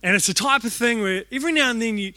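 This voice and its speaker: High-voiced young New preacher. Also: male voice, fast, dry recording. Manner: animated, acts out quoted thoughts, self-deprecating humor. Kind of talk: storytelling sermon.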